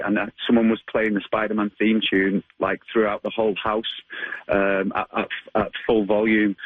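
Husky-voiced male guest, eager and laughing, low-ish voice, phoned in on a tinny line. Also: dry recording. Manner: enthusiastic, laughing, many restarts. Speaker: caller, guest dressing as a superhero. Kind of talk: casual phone interview.

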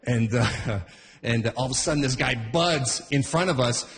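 A man's voice: medium pitch, moderate pace, a bit bright. Rambling stand-up comic man, reverberant hall. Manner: rambling, self-interrupting, chuckles between bits. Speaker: stand-up comedian. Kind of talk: stand-up routine.

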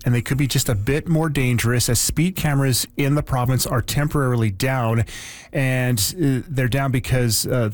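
A man's voice: medium pitch, no echo. A man chatting casually on a radio morning show, rambling a little with restarts. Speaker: radio sports and news contributor.

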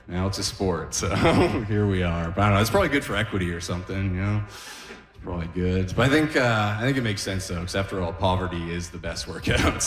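A man in his thirties performing a stand-up comedy set at an open mic, with laid-back deadpan delivery and frequent chuckles. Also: sits low, roomy sound. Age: 30s. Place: club stage at an open mic.

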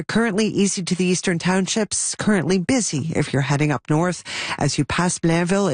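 A woman's voice: on the low side, no room sound. A woman giving a radio traffic report in a chatty, loose way with asides.

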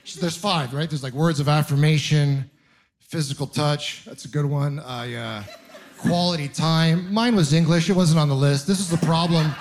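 A man's voice: a little high, moderate pace. A man doing a stand-up comedy set, telling stories in a wry, self-mocking way and firing off rhetorical questions.

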